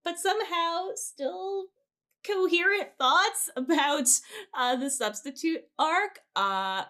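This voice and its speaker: A woman's voice: very high voice, expressive, slow pace, pushed and bright. A young woman hosting a podcast, chatting casually with fillers and light laughs. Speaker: podcast host.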